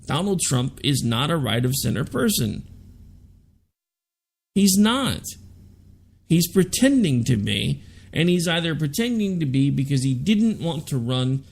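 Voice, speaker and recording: A man's voice: a little high, very animated, a little slow, gravelly, pauses often, slightly rough. A man hosting a political talk radio show, delivering a sarcastic, ranting monologue.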